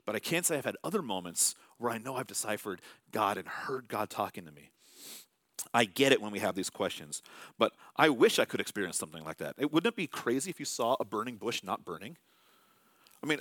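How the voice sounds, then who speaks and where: A man's voice: mid-range voice, fairly bright tone, no echo. A man in his thirties preaching a sermon as pastor, in a conversational, self-amused way with small acted asides.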